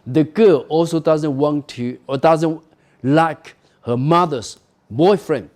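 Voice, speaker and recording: A man lecturing on a novel at a university, explaining slowly with frequent "you know" and "okay?" asides. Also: a little high, darkish tone.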